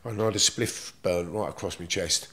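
A man's voice: low-pitched, moderate pace, pushed and bright. A middle-aged man with a London accent, telling stories from his past in blunt, streetwise slang, swearing freely. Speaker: guest. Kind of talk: casual storytelling.

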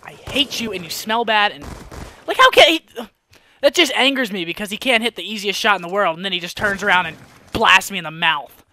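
Young guy doing live game commentary on a headset, high bright voice, gets loud and frustrated, gunfire going off behind. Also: quick pace, a little hiss or hum. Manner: excitable, swings from mumbling to frustrated yelling. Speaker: gaming commentator.

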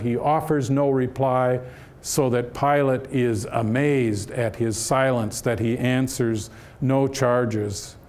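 A man giving a Bible-study lecture in a church, explaining the text in a measured way with frequent "uh" fillers. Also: medium pitch, a little mellow. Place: church hall.

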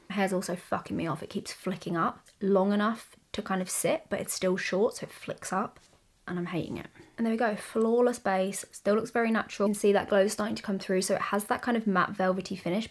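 Young British woman, beauty vlogger, brisk and candid, casual tutorial chat. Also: medium pitch. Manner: chatty and candid, asides and stories while working.

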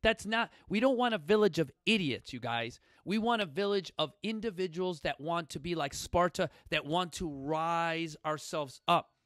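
A man, hosting his own fitness talk show and telling a personal story in a direct, emphatic way that swings between loud bursts and quiet asides. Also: fairly high pitch, moderate pace, hardly any pauses, dry recording, clean studio sound. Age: 40s. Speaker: gym founder and podcast host. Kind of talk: motivational storytelling monologue. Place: coastal Southern California gym studio.

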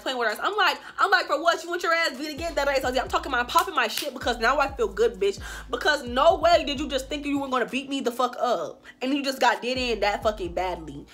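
A young woman telling a story straight to her viewers, animated and full of profanity. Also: high-pitched. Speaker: vlogger. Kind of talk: storytime vlog.

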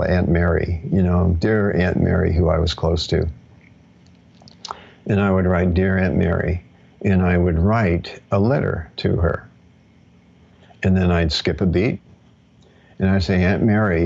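A man teaching in a live question-and-answer session, relaxed and reassuring, with many fillers. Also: low voice, vocal fry, breathy edge. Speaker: teacher of ancestral practice. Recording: dull lo-fi audio.

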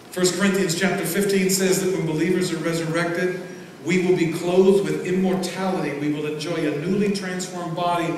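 A man preaching a sermon as pastor, swinging between loud proclamations and quiet asides. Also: on the high side. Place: large church sanctuary. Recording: echoey church hall from far off, noisy.

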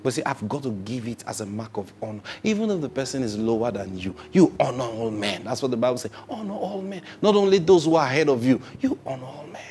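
A male pastor preaching a sermon, swinging between loud emphatic bursts and soft near-whispers. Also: mid-range voice, animated, quick pace, few pauses.

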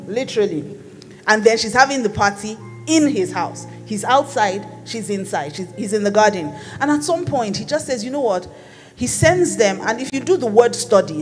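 A woman pastor preaching a sermon in a conversational, playful teaching manner. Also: mid-range voice. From Nigeria. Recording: long hall reverb with faint music.

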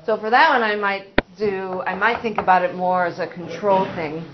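A school psychologist presenting a parent training in a casual, conversational way, with frequent fillers and acted-out examples. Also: female voice, medium pitch, fairly even intonation, normal speed, background noise. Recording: dull, muffled sound.

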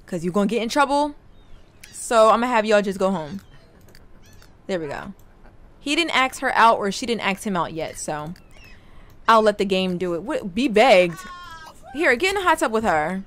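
Lively chatty young woman playing a game. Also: mid-range voice, moderate pace, long pauses. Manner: chatty, excitable, talks to the viewers and her characters. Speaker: gaming YouTuber. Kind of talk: casual let's play commentary.

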